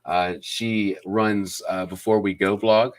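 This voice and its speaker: A man's voice: fairly low pitch, little pitch movement, slow pace. Enthusiastic man hosting a casual chat. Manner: enthusiastic, rambling with many fillers. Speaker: host. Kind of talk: casual livestream interview chat.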